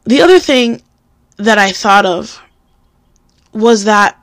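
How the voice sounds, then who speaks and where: A woman's voice: medium pitch, expressive, slow pace, a bit bright, no echo, studio quality. A young woman hosting a podcast, speaking candidly and emphatically about her faith and personal struggles. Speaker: podcast host.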